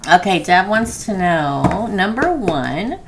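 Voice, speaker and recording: Chatty middle-aged lady doing live tarot, low gravelly voice, laughs a lot. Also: big pitch swings, takes it slowly, background noise. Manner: chatty, laughs often, talks to viewers by name. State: prone to losing her voice. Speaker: tarot reader. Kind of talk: live-stream tarot reading.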